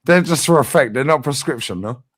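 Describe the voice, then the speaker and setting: A man's voice: mid-range voice, expressive, fairly quick, fairly bright tone, husky, dry recording. A man hosting a heated live fan stream, bantering, swearing and laughing often. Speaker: livestream host. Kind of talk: heated livestream fan debate.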